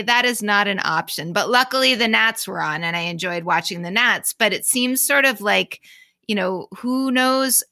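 A woman's voice: mid-range voice, sharp tone, dry recording, clean studio sound. A woman co-hosting a casual sports podcast, blunt and swearing freely, laughing often. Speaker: podcast co-host. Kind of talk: casual chat.

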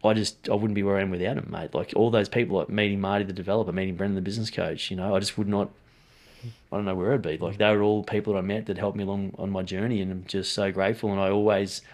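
A young Australian man talking energetically as a podcast guest, saying mate often. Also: low voice. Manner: energetic, talks fast, says mate often. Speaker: podcast guest, strength and conditioning coach. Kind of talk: casual interview chat.

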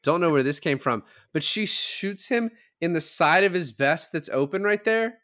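A man's voice: fairly high pitch, moderate pace. A man hosting a podcast, casually recapping film scenes and acting out quoted lines as he goes. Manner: animated, retells scenes with quoted voices. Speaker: podcast host. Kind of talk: casual film review chat.

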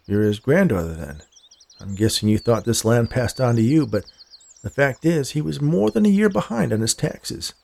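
A man voicing a charming stranger who speaks in a calm, reasonable, disarming way. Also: mid-range voice, normal speed, creaky. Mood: calm persuasive.

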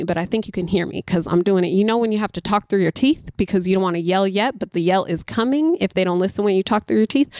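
A mother who homeschools, telling a story in a chatty, animated way and talking straight to her listeners. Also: mid-range voice, dry recording, clean studio sound. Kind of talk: casual storytelling monologue.

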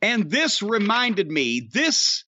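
A man hosting a podcast in casual, profane, rambling chat, his voice getting hoarse. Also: high-pitched, takes it slowly, no room sound, dull audio. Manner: rambling, animated storyteller, profane. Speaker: podcast host.

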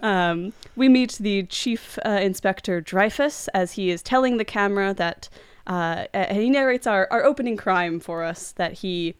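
A woman hosting a podcast, casually recapping a film with frequent giggles and quick asides. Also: mid-range voice, smooth, no echo, clean studio sound. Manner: chatty, giggly, recounts scenes with quick asides. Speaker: podcast host.

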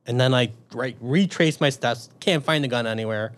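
A man's voice: mid-range voice, normal speed. A man telling a story in casual chat, swearing often and acting out his own thoughts. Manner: profane, animated storyteller.

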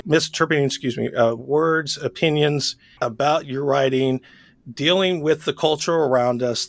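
Man co-host, rambling casual talk, higher pitch, dry close sound. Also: no room sound. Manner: rambling, self-correcting, laughs easily. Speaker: podcast co-host. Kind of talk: casual chat.

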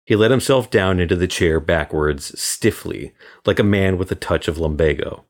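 A man from Florida reading a crime story as guest narrator in measured, even storytelling. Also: sits low. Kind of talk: scripted audiobook narration.

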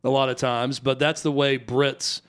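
A man's voice: mid-range voice, flat delivery, unhurried, a bit bright, clear, resonant tone. A man with a mid-range voice co-hosts a sports talk show. He muses on topics in a loose, conversational way. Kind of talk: casual chat.

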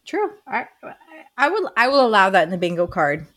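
A woman's voice: medium pitch, big pitch swings, fairly quick, fairly bright tone. Woman co-host leading a book chat. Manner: leads the discussion, reads out list items, laughs often. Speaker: podcast co-host.

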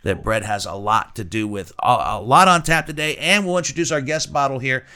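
A man hosting a casual podcast chat over whiskey, with a lively, playful showman's delivery. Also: medium pitch, fairly quick, clear, resonant tone. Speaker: podcast host.

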